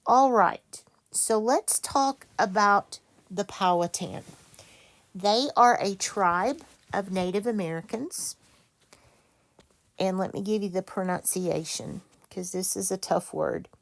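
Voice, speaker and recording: A woman teacher leading a reading lesson for children, patient and quick to correct herself. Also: medium pitch, vocal fry. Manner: slow, patient, self-correcting.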